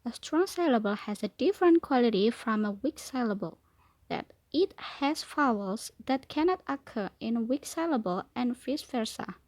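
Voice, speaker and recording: A young woman from Indonesia, a student presenting a lesson and reading definitions aloud, carefully slowing to repeat key points. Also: on the high side, lively intonation, a little mellow, no room sound. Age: young adult. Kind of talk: read-aloud explanatory lesson.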